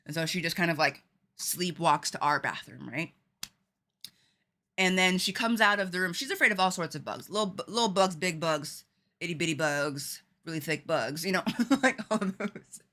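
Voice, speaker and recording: Bright-voiced chatty streamer woman. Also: fairly low pitch, moderate pace. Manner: animated, laughing, chatty with fillers. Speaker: game streamer. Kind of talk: casual storytelling to stream chat.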